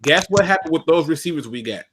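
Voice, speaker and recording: Brief: man, slightly high voice, emphatic sports-talk co-host who repeats his points. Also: expressive, fast, a bit bright, breathy edge. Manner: emphatic, repeats phrases for effect. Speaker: podcast co-host.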